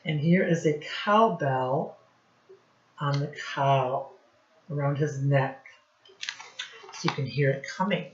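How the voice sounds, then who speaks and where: A woman reads a children's storybook aloud very slowly, in a sing-song, teacherly manner. Her voice sits low for a woman. The sound is roomy and a bit dull, like a lo-fi home recording. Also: a little hiss or hum. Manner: slow, sing-song teacherly, asks children questions and praises them. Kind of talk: read-aloud storytime for young kids.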